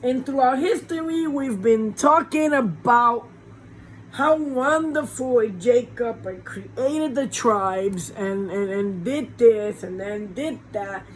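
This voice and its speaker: A woman pastor giving an informal sermon from a small warm room with a fan running, preaching conversationally with rhetorical questions. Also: a little high, slow, slight background noise, low-quality recording.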